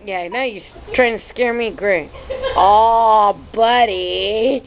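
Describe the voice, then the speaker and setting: A woman's voice: medium pitch, slow. A woman filming her dog and a bird at home, teasing and laughing as she talks to the dog, on a dull, noisy home video.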